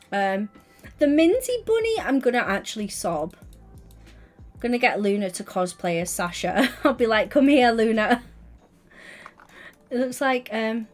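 A woman chatting casually on a gaming livestream, gushing and affectionate as she greets viewers by name. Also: on the high side.

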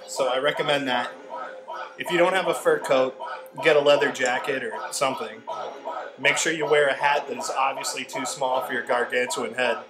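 Deadpan young man giving mock advice. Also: mid-range voice, normal speed, over loud music. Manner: deadpan, casual and jokey. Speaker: comedic video host. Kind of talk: mock instructional comedy.

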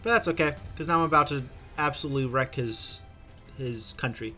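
A man's voice: on the high side, brisk, bright, forceful tone, soft background music. A young man hosting a gaming channel, chatting casually through a strategy game with lots of fillers and restarts.

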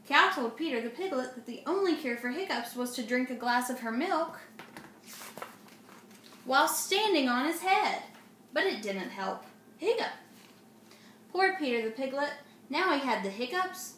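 A woman reading a children's picture book aloud, expressive, with asides to young listeners. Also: high-pitched, normal speed, reverberant, slight background noise. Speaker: storybook reader.

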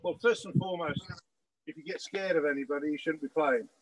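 A man's voice: on the high side, fairly quick, no room sound, poor audio. An older man hosting a casual cookalong, telling stories while he cooks. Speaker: celebrity cook host. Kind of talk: casual chat while cooking.

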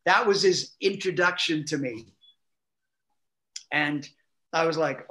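A middle-aged man, a guest actor, telling animated anecdotes and acting out quotes with laughter. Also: fairly high pitch, moderate pace, pauses often. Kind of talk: anecdotal storytelling.

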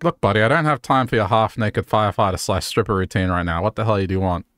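A man reading as a prickly, sarcastic woman from a video game, brushing callers off with snippy lines. The voice is close and dry in a quiet setting with faint music. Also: on the low side, fast talker, no echo, lightly acted. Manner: snippy, dismissive. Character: sarcastic, hard-to-please woman neighbor.

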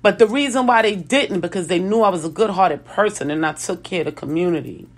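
Speaking briskly in a fairly low voice, a woman relates something from her own life. She's animated and casual, often restarting and correcting herself. When quoting others, she gives them lively voices of their own.

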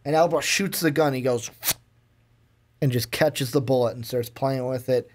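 A man's voice: mid-range voice, normal speed. A man co-hosting a casual movie review chat, rambling with lots of "like" and acting out the lines he quotes. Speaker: movie review podcast co-host.

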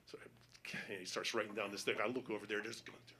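A male stand-up comedian telling a story on stage, acting out the voices of other people and building up to panicked shouting. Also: fairly low pitch, quick pace.

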